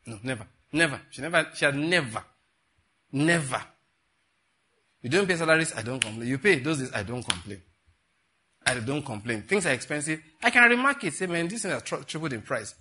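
A middle-aged Nigerian man preaching a sermon, telling stories with animated, laughing retellings. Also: mid-range voice, brisk, slightly rough. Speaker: pastor. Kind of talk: sermon with storytelling.

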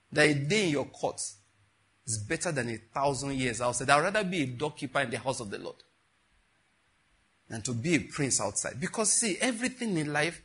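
A man preaching with a bright, forceful voice that has a husky edge. He sits a little high for a man and tells his stories with animation, slipping into the voices of the people he describes. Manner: animated storytelling, acts out quoted voices. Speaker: pastor. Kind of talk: sermon with personal stories.

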